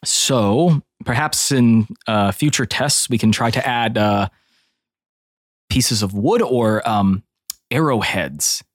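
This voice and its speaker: A man playing a tabletop game who plans aloud, hesitant at first and full of fillers, then animated. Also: medium pitch, slow pace, dry recording, studio quality. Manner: hesitant, full of ums, animated when planning. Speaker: player.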